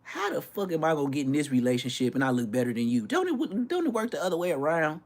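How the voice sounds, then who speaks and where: Brash, swinging-pitch man ranting. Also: quick pace. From Florida. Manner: animated, brash, swearing, mimics others' voices. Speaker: YouTuber. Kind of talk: casual profane rant.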